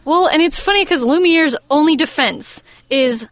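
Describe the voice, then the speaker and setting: A woman in casual film-discussion talk, animated and rambling, laughing often. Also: high-pitched, normal speed, dry recording. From United States. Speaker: podcast co-host.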